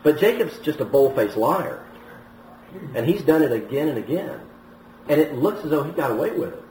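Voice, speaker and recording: A man's voice: on the high side, very animated, moderate pace, a little mellow. A man preaching a sermon, retelling a scripture story in a storytelling manner, with some restarts and a voice that rises on the quoted lines. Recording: roomy, from a distance, faint noise.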